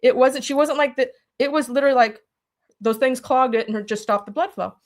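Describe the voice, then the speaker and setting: A woman's voice: high-pitched, fairly quick. Urgent, emphatic middle-aged woman. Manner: urgent and emphatic, acts out her own past words in quotes. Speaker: interview guest. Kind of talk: emotional personal storytelling.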